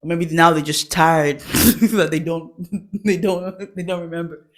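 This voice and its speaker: A woman's voice: fairly low pitch, fairly even intonation, measured pace. A young woman hosting a comedy show, telling childhood stories with frequent giggles. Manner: giggles often while telling stories, acts out quotes. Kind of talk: laughing personal storytelling.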